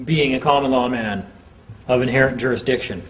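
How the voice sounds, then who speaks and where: A man giving an informal seminar talk to a small group, chatty, acting out courtroom exchanges in quick quoted voices. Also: medium pitch, background noise. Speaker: seminar speaker.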